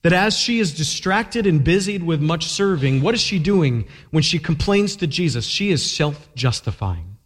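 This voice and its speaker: A male pastor delivers an emphatic sermon in a slightly high voice, pressing his listeners with rhetorical questions. His words carry a long reverb from a large hall. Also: very animated, moderate pace, few pauses.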